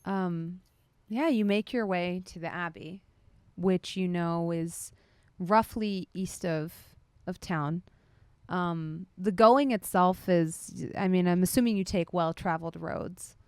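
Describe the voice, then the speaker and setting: A woman narrating as game master in a relaxed way, with plenty of fillers. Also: lowish voice, slow, smooth, no echo.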